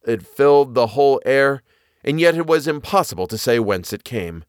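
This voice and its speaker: Expressive male audiobook reader. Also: mid-range voice, moderate pace, smooth, no echo, clean studio sound. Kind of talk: classic novel reading.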